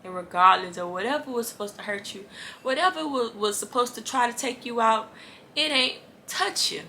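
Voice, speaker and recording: A woman speaks in a bright, sharp tone with a gravelly fry running through her voice. She gives a casual devotional talk straight to camera. Her delivery is earnest and emphatic, with lines repeated for weight. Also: mid-range voice, slight background noise. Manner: earnest, encouraging, talks straight to viewers. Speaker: Christian faith vlogger.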